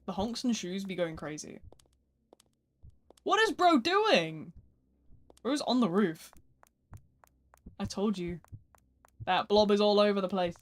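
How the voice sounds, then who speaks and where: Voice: medium pitch, darkish tone. Sleepy, yawning slangy game streamer. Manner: slangy, rambling, self-mocking. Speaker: gaming livestreamer. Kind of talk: casual livestream chat while playing.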